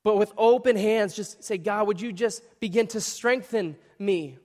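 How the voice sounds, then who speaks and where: A man preaching a sermon as a pastor, earnest and emotional, dropping to a hush and then rising into urgent pleading. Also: high voice, a little slow. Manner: earnest and emotional, swings between hushed and raised. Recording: hall reverb.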